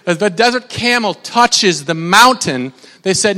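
Animated high-voiced young preacher in a hall. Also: male voice, a little slow. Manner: animated, rambling, self-interrupting. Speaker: pastor. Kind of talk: casual sermon.

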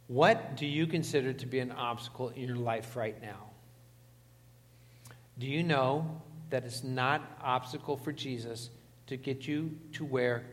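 A man delivers a sermon from the pulpit at an ordinary male pitch. He stresses key words and keeps asking the congregation questions. His voice carries the long reverb of a large church hall. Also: a little hiss or hum. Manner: emphatic, asks the congregation questions. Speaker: pastor.

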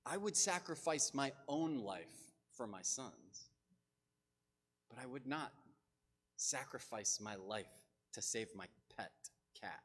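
A man's voice: medium pitch, animated, slow, pauses often, fairly bright tone, slightly rough. A man preaching a sermon in a conversational, casual way, with loose asides and filler words. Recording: long hall reverb.

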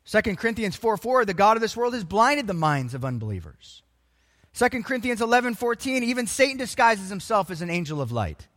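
A man preaching a sermon, emphatic and animated, quoting scripture. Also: high voice, brisk, big-room sound. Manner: animated and emphatic, acts out voices of people.

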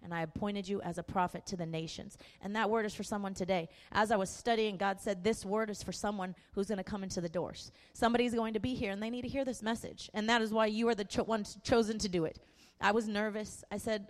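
A young woman pastor delivers an impassioned sermon testimony in a mid-range, steady voice at a fast pace. She is earnest and emphatic, repeating phrases. The sound echoes as if in a hall.

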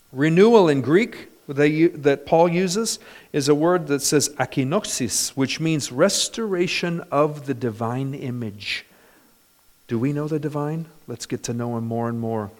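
A man preaching a sermon in a church, his voice set a little higher than most men's. His delivery is animated and storytelling, and it rises into loud, emphatic bursts. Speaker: pastor.

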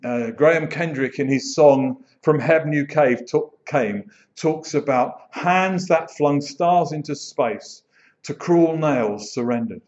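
Pastor preaching, dull lo-fi sound. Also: male voice, on the high side. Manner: expressive, slows to dwell on phrases, animated storytelling. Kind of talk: sermon.

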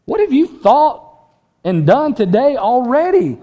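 A pastor preaches an earnest sermon, moving between loud emphasis and a hushed voice and often repeating words as he restarts. His voice is very high-pitched, unhurried, with big pitch swings.

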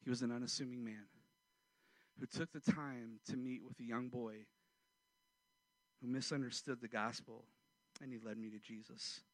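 A man in his forties, a pastor, preaching a sermon and telling a personal story, swinging from loud outbursts to hushed, quiet passages. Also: medium pitch, steady tone, normal speed, long pauses, no echo.

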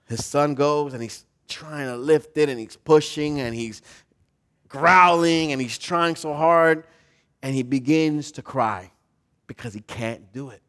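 A pastor preaching a sermon, telling a story with animation and putting questions to the congregation. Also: male voice, fairly high pitch, a little slow, fairly bright tone.

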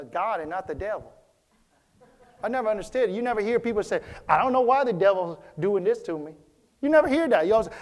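A man's voice: sits high, darkish tone. A man preaching a sermon as pastor of a church, repeating his key phrases and calling out to the congregation for a response. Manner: repetitive, preacherly, calls for response.

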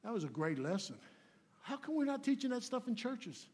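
High-voiced folksy man preaching. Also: sing-song, a little fast. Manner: folksy, swings between loud emphatic and hushed. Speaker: guest preacher. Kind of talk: sermon.

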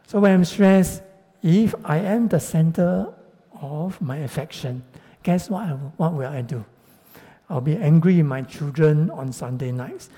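A man's voice: on the high side, unhurried, warm tone. A middle-aged man preaching a sermon, speaking earnestly and addressing the congregation directly. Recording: long reverb of a large hall.

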